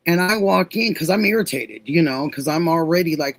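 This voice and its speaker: A woman's voice: lowish voice, fairly quick, dry recording. A middle-aged woman hosting a livestream, reading chat and telling a personal story, acting out the dialogue as she goes. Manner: animated retelling, acting out quoted dialogue. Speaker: livestream host.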